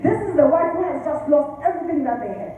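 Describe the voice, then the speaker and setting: A woman's voice: sits high, expressive, fast talker, mellow. A woman pastor preaching a sermon emphatically, repeating phrases for weight. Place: church hall. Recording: echoey church hall, distant mic, faint noise.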